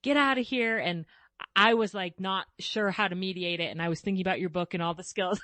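A woman's voice: on the low side, steady tone, brisk, pushed and bright, no room sound. A woman hosting a podcast, chatting casually, asking questions and laughing easily. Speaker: podcast host. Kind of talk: casual interview chat.

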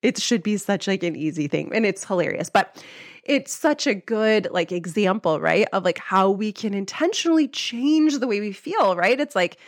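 A young woman talks straight into a close podcast mic, upbeat and chatty as she coaches her listeners. Her pitch sits in an ordinary middle range. The sound is dry, with no room around it. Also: lively intonation, normal speed, dry recording. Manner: upbeat, chatty, many "like"s and laughs. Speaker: podcast host and life coach. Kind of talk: casual motivational talk.

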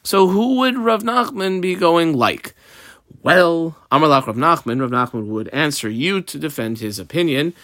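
Man, Talmud lesson, animated sing-song pitch, dry close sound. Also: normal speed, no room sound. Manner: explains line by line, mixing Hebrew and Aramaic terms; lively, sing-song study cadence. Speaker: Talmud teacher.

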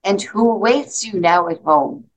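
A woman reading a gentle train conductor. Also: mid-range voice, animated, a little slow, low-quality recording. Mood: comforting. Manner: gentle, comforting. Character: kindly old male train conductor.

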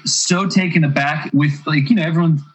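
A man's voice: a little high, fairly even intonation, brisk, poor audio. A man guesting on a podcast, chatting casually, blunt and ranty, swearing freely. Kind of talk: casual chat.

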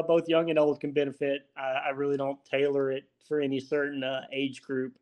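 A man in his forties with a Louisiana accent, a guest talking casually in an interview, laid-back and quick to chuckle at himself. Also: fairly high pitch, flat delivery.

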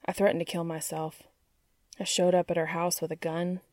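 A woman's voice: fairly low pitch, little pitch movement, moderate pace, darkish tone, no room sound, clean studio sound, close to an everyday voice. A woman reading the lines of a troubled, guarded man who halts and pushes through a raw confession. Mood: confessional.

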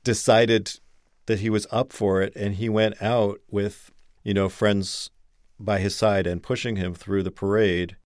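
A man speaking as a biographer in an interview, measured and thoughtful as he explains. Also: lowish voice, flat delivery, darkish tone, dry recording, clean studio sound.

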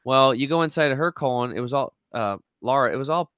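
A man's voice: mid-range voice, fast, clear, resonant tone, no echo, clean studio sound. A man in his forties, a guest in an interview, telling a story with lots of energy and acting out what people said. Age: 40s. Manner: energetic, acts out quotes.

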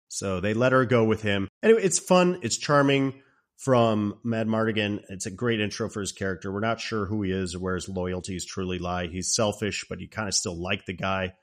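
A man casually recapping a fantasy film scene, retelling it in an animated way and acting out the lines. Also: lowish voice, brisk. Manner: animated storytelling, acting out quotes. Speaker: podcast co-host.

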